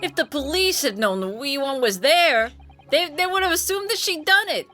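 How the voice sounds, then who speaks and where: New york woman putting on loud irish suspect voice, kinda high, slangy, game music faint behind. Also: animated, normal speed. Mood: defiant. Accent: put-on Irish sliding into New York. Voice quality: slangy, boisterous, pleading. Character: brash male Irish suspect in court.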